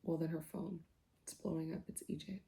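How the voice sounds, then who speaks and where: A woman softly retelling a novel's plot for sleep, in a casual, chatty way full of fillers, sometimes dropping to a whisper. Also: deep voice, fairly even intonation, fairly quick, gravelly. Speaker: book reviewer. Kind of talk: soft-spoken ASMR book recap.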